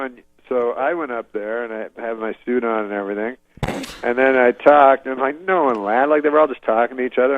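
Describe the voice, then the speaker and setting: A man from Canada telling a rambling story in a deadpan, casual way, laughing at his own jokes, over a video call. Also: medium pitch, no room sound. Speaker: comedian guest. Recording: dull lo-fi dry sound.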